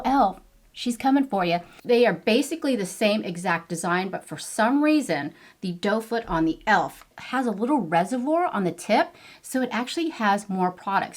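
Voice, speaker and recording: A middle-aged woman vlogging a chatty makeup review to camera, bubbly and playful with frequent exclamations. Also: medium pitch. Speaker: beauty vlogger.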